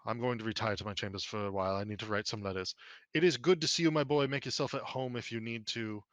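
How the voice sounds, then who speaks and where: A man voicing a stern, formal noble father who speaks in a measured, blunt way. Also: fairly low pitch, steady tone, fairly bright tone, dry recording, lightly acted.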